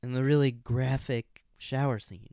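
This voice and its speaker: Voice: mid-range voice, fairly even intonation, a little slow, a crowd in the background. A podcast co-host chatting casually about a movie, dropping dry, wry interjections. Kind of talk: casual movie recap chat.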